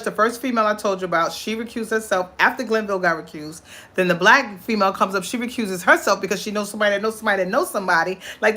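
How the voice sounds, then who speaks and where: A woman in her own voice hosts a casual online show, talking. She tells the story with plenty of animation and acts out the people she quotes. Her voice sits in an ordinary middle pitch. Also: bright, forceful tone. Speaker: show host. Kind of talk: casual commentary on a court case.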